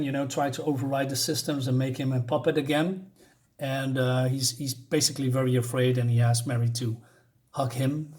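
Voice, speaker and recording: Rambling man reviewing comics. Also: medium pitch. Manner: rambling, frequent ums and uhs, self-correcting.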